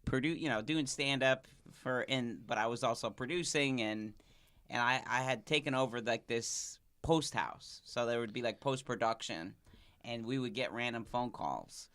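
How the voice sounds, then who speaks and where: A man's voice: medium pitch, normal speed, fairly bright tone. A male comedian on a podcast, telling a story in a loose, rambling way full of restarts and fillers. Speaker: comedian guest.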